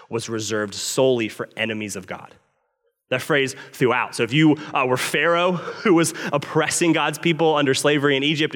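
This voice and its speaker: A man preaching in a reverberant hall. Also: medium pitch. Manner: expressive preaching with rising intensity on quoted lines. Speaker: pastor. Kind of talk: sermon. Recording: long reverb of a large hall.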